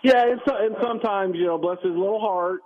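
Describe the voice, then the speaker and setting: A man calls in to a radio show from outside in the cold, and his fairly high voice comes through a dull, muffled phone line. He spins an anecdote with energy and slips into the voices of the people he describes. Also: fairly quick. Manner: animated storyteller, acts out quoted voices. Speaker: podcast host guest. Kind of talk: phone interview storytelling. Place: outdoors in the cold.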